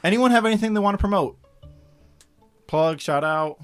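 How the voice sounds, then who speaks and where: A man hosting a casual gaming podcast, steering the talk in a lively way. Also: high voice, moderate pace, clear, resonant tone, soft background music. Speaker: podcast host. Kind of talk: casual chat.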